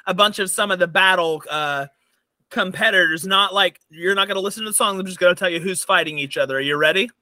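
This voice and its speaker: Man, high voice, very bright tone, eager podcast chat, rattles off lists. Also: dry recording. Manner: enthusiastic, rattles off lists quickly. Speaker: podcast co-host.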